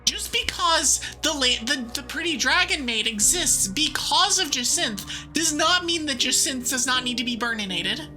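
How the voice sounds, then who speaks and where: Bright, lively woman streamer chatting. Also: sits high, moderate pace, hardly any pauses, soft background music. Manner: chatty, playful, laughs easily. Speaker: game streamer. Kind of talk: casual gaming commentary.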